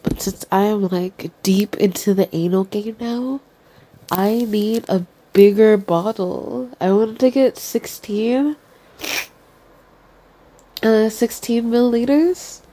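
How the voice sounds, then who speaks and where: Young woman, stuffy nose, unhurried drawl, mellow low-sheen tone; loose casual chat. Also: fairly even intonation. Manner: chatty, giggly, swears freely.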